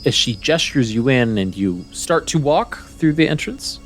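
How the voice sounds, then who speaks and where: A man runs a tabletop game and paints the scene slowly, pausing to hunt for the right word. His pitch sits in the middle of the male range. Soft music plays faintly in the background. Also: expressive. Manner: descriptive, unhurried, searching for words. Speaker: game master.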